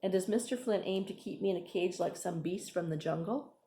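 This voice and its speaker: Woman reading as a gentle, weary old man. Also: fairly low pitch, fairly quick, slight background noise, natural voice. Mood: wary.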